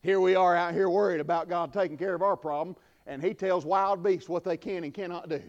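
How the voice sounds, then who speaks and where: A man preaching a sermon, swinging from hushed asides to shouted peaks. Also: sits high, fairly even intonation, brisk. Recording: dull lo-fi recording.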